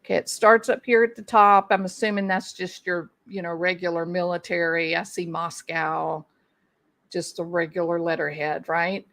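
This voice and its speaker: A woman's voice: on the low side, steady tone, normal speed, fairly bright tone. A woman hosting a casual livestream, chatting and answering viewer comments, thinking aloud with restarts and small laughs. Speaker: livestream host.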